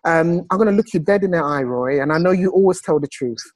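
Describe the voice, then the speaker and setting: A man hosting a video call, enthusiastic and salesy, slowing down to stress his points. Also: on the high side, no echo, rough recording. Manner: enthusiastic, salesy, slows down for emphasis. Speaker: host.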